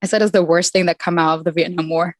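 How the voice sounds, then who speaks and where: A woman's voice: lowish voice, steady tone, fast talker, no room sound. A young woman with an accent that blends American and British, chatting casually as a podcast host. She giggles, mocks herself and restarts sentences often. The sound is dry and close, with no room around her. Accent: mixed American and British. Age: young adult. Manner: giggly, self-mocking, with frequent restarts. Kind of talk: casual chat.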